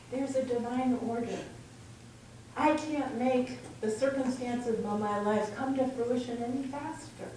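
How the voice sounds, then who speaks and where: This female minister's voice sits slightly high and has a somewhat dark tone. Addressing a congregation, she shares stories earnestly in a reflective talk, captured from far away in an echoing room with a little noise.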